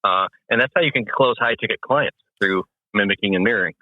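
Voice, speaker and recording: A man's voice: on the low side, fairly quick, dry recording. Confident guy coaching on sales over the phone, tinny dry line. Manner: confident, emphatic, acts out customer talk. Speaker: guest landscaping business coach. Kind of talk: phone interview, sales advice. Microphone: phone call.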